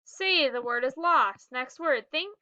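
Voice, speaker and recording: Slow, high-voiced woman teaching phonics. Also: lively intonation, bright, forceful tone, dry recording, dull audio. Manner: slow, clearly sounded-out words with prompting cues. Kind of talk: phonics lesson for young children.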